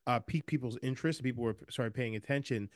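A man's voice: medium pitch, fast, no room sound, studio quality. A man co-hosting a casual movie podcast, rambling and restarting his sentences, speeding up when he gets worked up. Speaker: podcast co-host. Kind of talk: casual chat.

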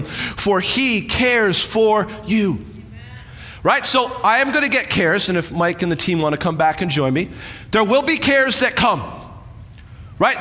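A man pastor preaching a sermon on stage, energetic and conversational, acting out a demonstration with helpers. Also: sits high. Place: church stage with long reverb. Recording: reverberant church hall.

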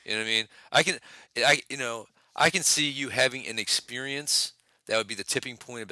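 A man's voice: mid-range voice, fairly quick, sharp tone, dry recording. A man co-hosting a podcast in a casual chat, swearing a lot and building exaggerated comic rants. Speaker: podcast co-host.

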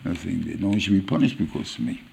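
A man giving an informal Torah lecture as a rabbi, halting and restarting as he searches for words. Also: deep voice, creaky, darkish tone, slightly rough. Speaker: rabbi teaching a weekly Torah class.

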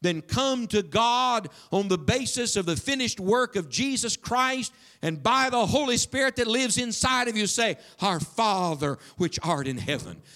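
High-voiced preacher addressing his congregation. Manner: emphatic preaching with sudden drops to a hush; speaks directly to the congregation with questions. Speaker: pastor. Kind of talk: sermon. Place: church sanctuary with congregation.

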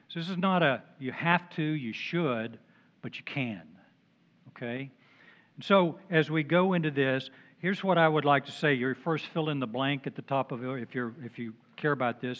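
A man's voice: mid-range voice, a bit bright, dull audio. An older man preaching a sermon as pastor, conversational and dropping joking asides.

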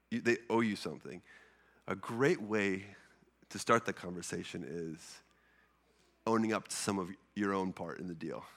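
A man's voice: fairly low pitch, vocal fry. A man preaching a sermon in a conversational, earnest way, often repeating and restarting his words. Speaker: pastor.

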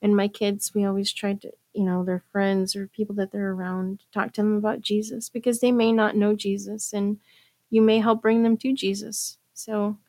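A woman's voice: mid-range voice, level tone, moderate pace, mellow, no echo. A woman in a casual podcast chat, speaking earnestly and leaning on "you know". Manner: earnest, faith-centered, many "you know"s.

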